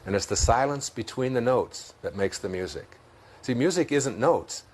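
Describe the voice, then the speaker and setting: A man's voice: medium pitch, expressive, normal speed, a little mellow, a little hiss or hum. A man with a Detroit accent, a guest in an interview, talking reflectively about spiritual ideas and often laughing through his stories. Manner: thoughtful, laughs often while telling stories.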